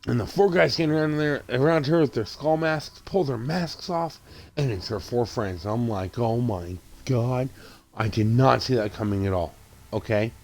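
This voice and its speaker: A man casually recapping a horror movie, excitable and profane, with frequent restarts and quoted lines acted out. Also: mid-range voice. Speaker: movie reviewer.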